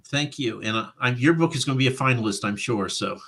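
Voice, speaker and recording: A man, an author, chatting as a guest in an interview, animated and quoting his own past thoughts aloud with frequent laughter. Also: mid-range voice, fast, husky. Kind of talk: casual interview chat.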